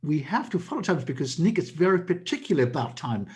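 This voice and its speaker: A man hosting an online club meeting, introducing each speaker with playful, lively remarks. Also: a little high, fast. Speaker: meeting host, toastmaster of the evening.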